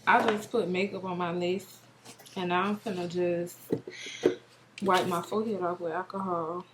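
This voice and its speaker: A woman's voice: on the low side, level tone, normal speed, noisy background. A woman chatting casually to her viewers, talking to them as "y'all" with playful asides while she installs a wig. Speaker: beauty vlogger. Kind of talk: casual chat to camera during a wig install. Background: hip hop music.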